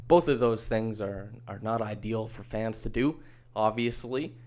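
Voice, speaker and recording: A man's voice: fairly low pitch, measured pace, a little mellow, a little hiss or hum. A man hosting a solo sports podcast, talking in a chatty, wry, easygoing way. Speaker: podcast host. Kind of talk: casual solo podcast commentary.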